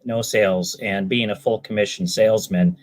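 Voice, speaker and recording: This interview guest is a man from British Columbia, Canada, who works in sales. He speaks at a normal speed in a fairly low, fairly even voice, wandering through his answers with frequent ums and false starts.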